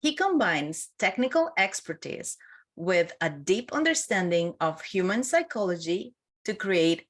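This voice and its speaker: A woman hosting a podcast, giving a formal, deliberate introduction of her guest and interviewing him. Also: lowish voice. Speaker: podcast host.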